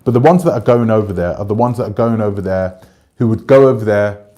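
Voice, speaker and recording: A British man hosts his channel, chatting casually and rambling as he addresses viewers and reads their comments aloud. His voice is fairly low and mellow, with lively intonation, and he talks fast.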